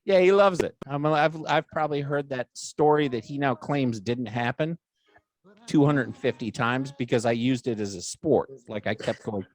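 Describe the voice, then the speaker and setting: A middle-aged man hosts a podcast, his voice medium in pitch and his pace moderate. In casual chat he tells a long, funny family story, animatedly acting out the voices of the people in it and swearing freely.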